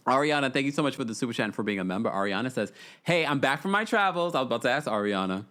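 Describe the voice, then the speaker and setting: A man's voice: mid-range voice, lively intonation, very fast, bright, forceful tone. Chatty man hosting a livestream recap. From United States. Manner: chatty, reads viewer super chats aloud. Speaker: podcast host. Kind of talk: casual livestream recap chat.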